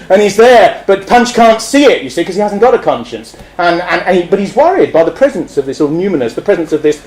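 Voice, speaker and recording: A man giving a public speech, animated, acting out scenes and laughing. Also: sits high, fast, few pauses, roomy sound, low-quality recording. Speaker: speaker.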